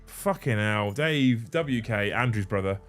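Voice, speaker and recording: A man's voice: lowish voice, lively intonation, unhurried, soft background music. A man hosting a casual livestream, bantering and thanking viewers, with a bit of swearing. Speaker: livestream host.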